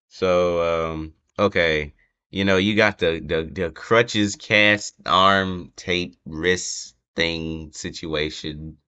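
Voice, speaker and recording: A young man talks through wrestling predictions in a rambling, halting way, full of fillers and restarts. His voice sits a little low but sounds bright and forward. The recording is dull and lo-fi, like a home setup. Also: clear, resonant tone. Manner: rambling, hesitant, many fillers. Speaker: wrestling channel host. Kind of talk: casual prediction chat.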